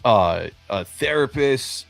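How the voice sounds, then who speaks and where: A man's voice: mid-range voice, expressive, takes it slowly, vocal fry, no echo, soft background music. A man in his forties hosting a livestream in casual chat, rambling with many fillers and restarts over a remote call. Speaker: livestream host. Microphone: remote call over a streaming studio.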